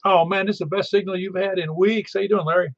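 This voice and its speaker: Man, radio net host, quick rambling talk, gravelly edge, slightly muffled recording. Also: sits high, steady tone, no echo. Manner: rambling, chatty, self-interrupting storyteller. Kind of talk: casual ham radio net chat.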